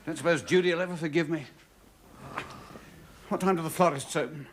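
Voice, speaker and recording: A man's voice: on the high side, a little fast, slight background noise, lightly acted. An actor playing a dry, sarcastic middle-aged man in a TV sitcom, with a studio audience laughing behind him. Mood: wry. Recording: old TV sound with audience laughter.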